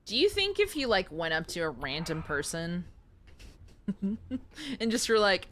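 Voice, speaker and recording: A woman's voice: medium pitch, big pitch swings, a little slow, pauses often, a bit bright, slight background noise. A young woman streaming a horror game, chatting playfully and joking with her viewers. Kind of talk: casual live game commentary.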